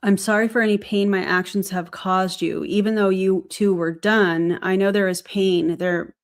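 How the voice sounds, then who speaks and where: A woman's voice: mid-range voice, fairly even intonation, moderate pace. A woman hosting a live stream who earnestly reads out text messages and comments on them.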